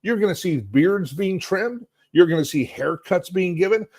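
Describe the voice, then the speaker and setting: A middle-aged man hosting a live political talk stream from a hotel suite, sarcastic and animated, rambling and restarting as he goes. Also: high-pitched, normal speed, husky, no echo. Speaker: talk show host.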